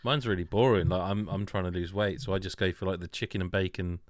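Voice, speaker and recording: A man's voice: deep voice, steady tone, quick pace, dry recording, studio quality. A British man hosting a podcast in casual chat, with an articulate radio-host voice and a rambling, self-deprecating manner.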